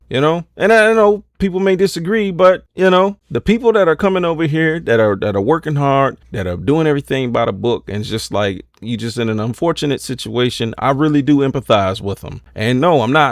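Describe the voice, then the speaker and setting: A man's voice: on the high side, dry recording, clean studio sound. A man hosting a commentary video, speaking bluntly and emphatically, with frequent profanity. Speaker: commentary channel host. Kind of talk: casual commentary.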